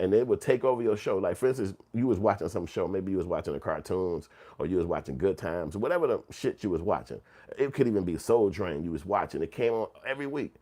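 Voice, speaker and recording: A middle-aged man, telling casual, profane, animated stories as a commentary host. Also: low voice. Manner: animated storytelling, swearing and slang.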